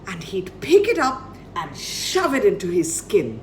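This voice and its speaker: A woman's voice: mid-range voice, huge pitch swings, measured pace, a little hiss or hum, poor audio. A woman telling a children's story dramatically, dropping to near-whispers for effect.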